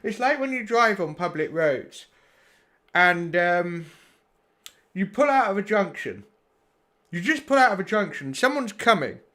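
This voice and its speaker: A man's voice: high-pitched, sing-song, measured pace, long pauses, bright, forceful tone. A man streaming sim racing, blunt and sweary as he talks through race replays and chats with his viewers. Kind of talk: live commentary on race replays.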